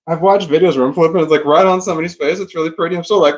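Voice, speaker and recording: A man's voice: on the high side, expressive, fast, few pauses, poor audio. A middle-aged man talking at home into a phone camera with a small microphone, rambling, swearing and losing his thread. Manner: rambling, profane, loses his train of thought. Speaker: vlogger. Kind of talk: rambling casual vlog. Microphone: phone camera with a small external microphone.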